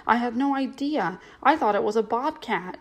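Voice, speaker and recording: A woman's voice: fairly high pitch, animated, normal speed. A woman voicing a remorseful young hunter in a storybook reading, earnest and apologetic.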